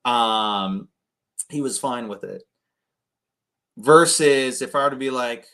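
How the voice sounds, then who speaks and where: A man casually coaching people on cold calling between phone calls, often tagging his points with a quick "right?". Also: mid-range voice, sharp tone. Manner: conversational, keeps adding "right?". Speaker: real estate wholesaling coach.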